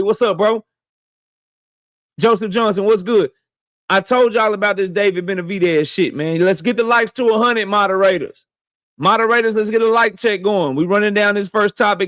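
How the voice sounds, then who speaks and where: A man's voice: high-pitched, a bit bright, dry recording, clean studio sound. A man hosting a boxing livestream, casually greeting chat members one by one in a slangy, playful way.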